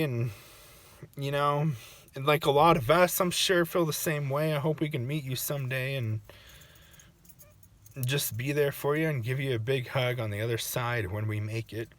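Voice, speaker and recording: Man vlogger, emotional, halting delivery, mid-pitched, close dry sound. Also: fairly even intonation, fairly bright tone, no echo. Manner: emotional, halting, restarting sentences. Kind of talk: casual personal reaction vlog.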